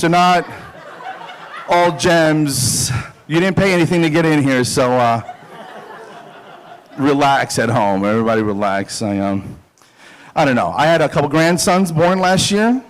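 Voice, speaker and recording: Middle-aged guy doing stand-up, self-deprecating, halting, lots of uhs and chuckles. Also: fairly high pitch, lively intonation. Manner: self-deprecating, jokey, halting with fillers and laughs. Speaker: dental hygienist doing stand-up. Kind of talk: stand-up comedy set.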